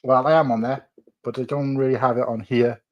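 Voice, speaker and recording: A man's voice: mid-range voice, fairly even intonation, fairly quick, muffled recording. A man hosting a casual live stream from home, chatting and reading viewer messages aloud. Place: at home, building on the sofa.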